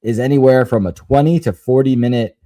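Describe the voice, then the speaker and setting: A man's voice: mid-range voice, a little fast, dark tone. A man in his thirties co-hosting a podcast, telling family stories in casual chat and laughing at himself. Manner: laughs while telling stories, self-deprecating. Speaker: podcast co-host.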